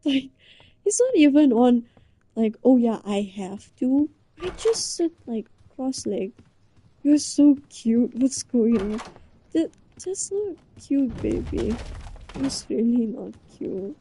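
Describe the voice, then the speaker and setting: Slow-talking young woman with a dark voice. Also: a little high, animated, breathy edge. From Britain. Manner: rambling, giggly, playfully flustered. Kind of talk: casual chat to a listener. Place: indoors, under a blanket.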